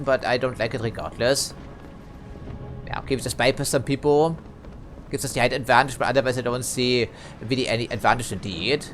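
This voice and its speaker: A man giving casual let's play commentary, chatty, hedging and dryly critical as he plays. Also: medium pitch.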